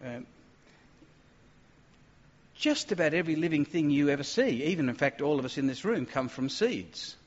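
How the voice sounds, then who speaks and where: A man's voice: a little high, very animated, moderate pace, pauses often. A man preaching a sermon to a gathered room, emphatic, with stumbling restarts as he reads and explains scripture aloud. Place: room with an audience. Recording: dull lo-fi recording with long reverb in a hall.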